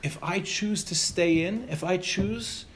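A man quoting an earnest young man who speaks softly, slowly and solemnly. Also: high voice, slight background noise.

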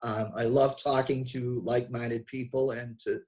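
A man with a Boston accent talks as a guest on an interview podcast. He speaks casually and reflectively, often pausing with fillers and restarting his sentences. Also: medium pitch, level tone, a little mellow.

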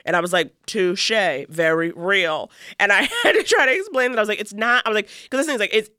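A woman's voice: on the high side, big pitch swings, very fast, bright, forceful tone, no room sound, clean studio sound. A woman co-hosting a podcast, telling a story in a rambling, self-mocking way, full of fillers. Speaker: podcast co-host. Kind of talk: casual storytelling chat.

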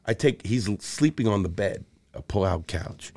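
A man's voice: fairly low pitch, normal speed. A middle-aged man with a Brooklyn accent, a podcast guest telling stories full of swearing and acted-out dialogue. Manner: swears constantly, animated storyteller acting out dialogue. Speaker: podcast guest, former jewel thief. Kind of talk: profane storytelling.

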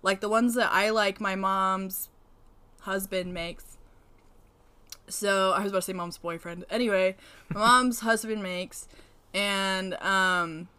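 A woman's voice: mid-range voice, steady tone, slow, bright, forceful tone, clean tone. A woman co-hosting a casual podcast, teasing and blunt, swearing casually as she chats. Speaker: podcast co-host. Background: dog whining.

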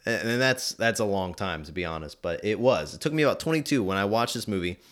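A man in his twenties giving chatty movie commentary, animated and quick to laugh. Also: fairly low pitch. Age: 20s. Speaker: video host.

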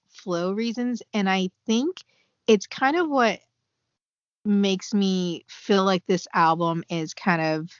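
A woman's voice: medium pitch, dry recording, lo-fi sound. A woman co-hosting a podcast, talking in a thoughtful, hesitant casual way. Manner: thoughtful, hesitant, soft laughs. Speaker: podcast co-host. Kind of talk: casual chat.

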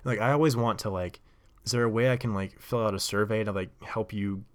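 A man with a somewhat low voice talks through a casual solo monologue. He rambles, stacks up fillers and restarts, and laughs at himself along the way. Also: steady tone, fast talker. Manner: rambling, lots of likes and self-corrections, laughs often. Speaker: podcast host.

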